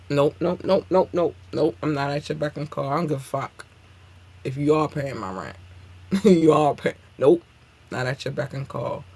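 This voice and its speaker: A woman hosting her own podcast, talking casually in an animated, blunt and profane way with plenty of fillers. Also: extremely low pitch, husky. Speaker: podcast host. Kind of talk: casual solo podcast talk.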